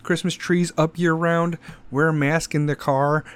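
A man's voice: fairly high pitch, level tone, a little slow, clear, resonant tone. A man hosting his own podcast, talking straight into the microphone in a casual, profane, rambling and sarcastic rant. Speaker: podcast host. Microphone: podcast microphone, pop filter.

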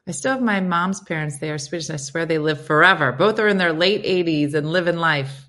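Bright, chatty woman in her fifties. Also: low voice, fairly quick. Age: 50s. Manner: chatty, animated, rises sharply when excited. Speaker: livestream host. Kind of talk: casual storytelling and reading viewer comments. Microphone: phone camera.

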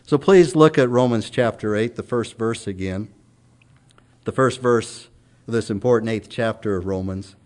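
A man's voice: fairly low pitch, moderate pace, a little mellow. A middle-aged man preaching a sermon in an earnest, emphatic way, his voice rising and falling strongly.

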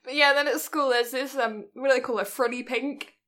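A woman's voice: high voice, steady tone, fairly quick, a bit bright. A woman co-hosting a podcast, recapping a film in casual chat. She is giggly, rambles and swears freely. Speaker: podcast co-host.

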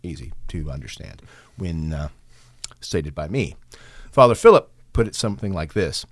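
A man co-hosting a casual podcast, an animated storyteller who laughs often and swears freely. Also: sits low, normal speed, no echo. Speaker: podcast co-host. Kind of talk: casual banter.

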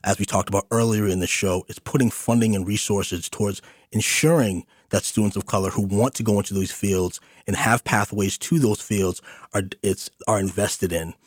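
Low-voiced male radio host. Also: steady tone, moderate pace, no room sound, studio quality. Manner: earnest, filler-heavy with many restarts. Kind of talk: community radio interview.

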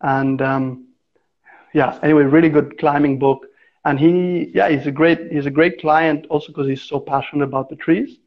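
A man's voice: on the high side, steady tone, moderate pace. A man who works as an arborist, telling stories in a casual interview and acting out the voices in his anecdotes. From India. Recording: dull, lo-fi sound.

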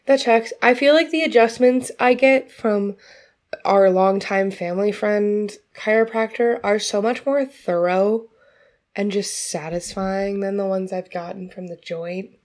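A young woman chatting casually as a podcast co-host, relaxed and easygoing. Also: medium pitch, a little slow. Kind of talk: casual chat.

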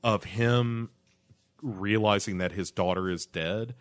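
A man's voice: lowish voice, slow. A man, recapping a TV episode in a casual podcast chat, rambling with many fillers. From United States. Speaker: podcast co-host.

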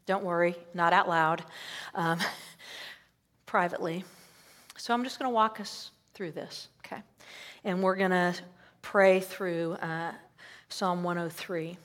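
A woman leading a church congregation in guided prayer, reading scripture aloud gently and pausing between phrases. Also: fairly low pitch, steady tone. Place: church service.

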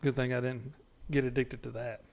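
Man, podcast co-host, casual chat, profane, laid-back storyteller, mid-pitched voice. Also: little pitch movement, normal speed, creaky, a little mellow.

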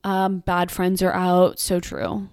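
A woman's voice: on the low side, monotone, slow pace, a little mellow, clear, resonant tone, dry recording. Young woman podcast host, rambly casual rant, says like constantly, dry close sound. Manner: chatty and ranting, swears, heavy use of "like". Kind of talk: casual solo podcast chat.

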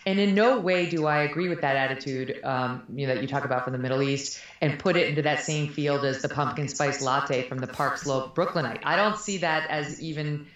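A middle-aged woman with a deep voice talks briskly, barely pausing, as a guest in a candid interview. She's frank and animated and laughs a lot, and the room she's recorded in is very echoey.

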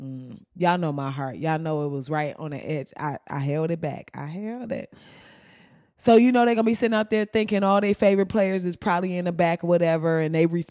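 A woman's voice: lowish voice, no room sound, clean studio sound. A woman hosting a podcast, telling stories in casual, profane commentary and acting out the people she talks about. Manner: profane, animated storytelling with mimicry. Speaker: podcast host.

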